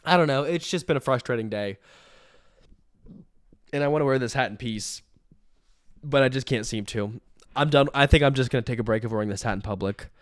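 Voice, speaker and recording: Smooth-voiced rambling comic man. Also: medium pitch, brisk, pauses often, dry recording. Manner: rambling, self-pitying, breaks into laughter. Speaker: comedian. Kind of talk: deadpan comic monologue.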